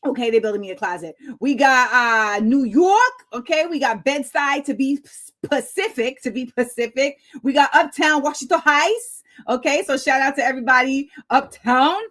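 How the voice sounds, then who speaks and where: A woman hosting a live-streamed talk show, chatty and excitable and laughing often as she greets viewers. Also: high voice, moderate pace. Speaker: host.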